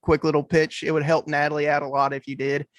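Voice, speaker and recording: A man's voice: on the high side, level tone, quick pace, no room sound. Easygoing man, podcast guest. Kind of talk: casual podcast chat.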